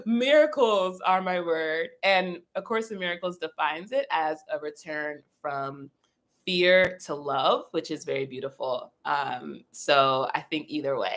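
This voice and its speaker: A woman hosting a casual livestream chat, animated and giggly, who acts out her own thoughts in a high voice. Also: moderate pace. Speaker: livestream host.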